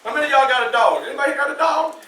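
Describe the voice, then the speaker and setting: A man's voice: very high voice, rapid-fire, bright, forceful tone. A man in his sixties, a guest speaker telling a class a personal story with vivid, repetitive phrasing and questions to the room. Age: 60s. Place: school classroom indoors. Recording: echoey classroom, distant mic.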